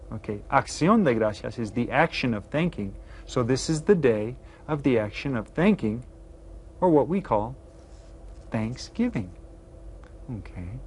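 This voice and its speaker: A mid-pitched man teaches a classroom video lesson. He sounds upbeat and playful and keeps encouraging his listeners. He stretches out each new word so it is clear. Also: darkish tone, a little hiss or hum. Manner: upbeat, playful and encouraging, drawn-out careful pronunciation of words. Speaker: Spanish teacher.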